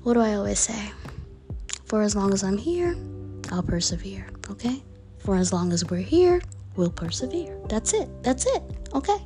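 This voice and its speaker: A woman's voice: mid-range voice, sing-song, mellow, faint music behind. Playful woman sliding into whispers. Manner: playful, drawn-out delivery that drops into whispers. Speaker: affirmation card reader. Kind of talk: casual affirmation vlog with whispered asides.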